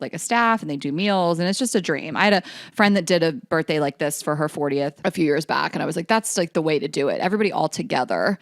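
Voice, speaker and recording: Chatty lower-voiced woman in her forties. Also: no echo, studio quality. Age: 40s. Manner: chatty, laughs often, emotional when reading aloud. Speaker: podcast co-host. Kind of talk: casual chat.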